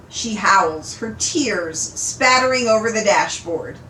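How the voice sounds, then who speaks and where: A woman reading a novel aloud in an unhurried, amused storytelling manner, in an echoey room. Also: mid-range voice, expressive, sharp tone, slight background noise. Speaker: audiobook reader. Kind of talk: read-aloud story narration.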